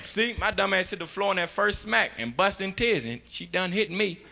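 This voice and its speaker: A young man doing a loud, rowdy stand-up comedy set, laughing between punchlines. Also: high voice, moderate pace, gravelly, hardly any pauses.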